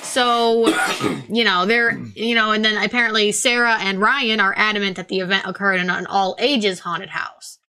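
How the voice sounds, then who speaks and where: A young adult woman co-hosts a casual podcast, reading news stories aloud and adding profane, teasing asides. Her mid-range voice is fairly even in intonation at normal speed, with background noise behind her.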